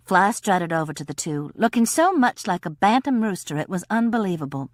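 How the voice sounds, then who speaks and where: A woman narrating an audiobook in a wry, expressive way. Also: fairly low pitch, fairly quick, hardly any pauses, dry recording, studio quality. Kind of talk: scripted narration.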